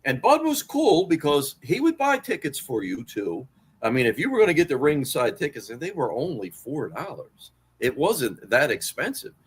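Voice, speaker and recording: A man in his sixties telling wrestling stories as an interview guest, animated and profane, jumping to much higher pitch when riled. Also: moderate pace, slightly rough, low-quality recording. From Washington D.C. area. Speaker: interview guest, wrestling author and former manager. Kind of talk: casual storytelling interview.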